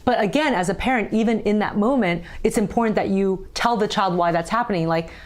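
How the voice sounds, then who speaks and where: A woman's voice: medium pitch, a little fast. A woman psychologist, a guest expert, explaining in an earnest, emphatic conversational style, step by step.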